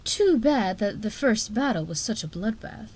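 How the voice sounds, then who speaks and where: A woman's voice: medium pitch, lively intonation, normal speed, a little mellow, breathy edge. A woman voicing a cruel, dismissive dragon queen. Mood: cold menace. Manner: dismissive, menacing. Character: cruel commanding female sea dragon queen.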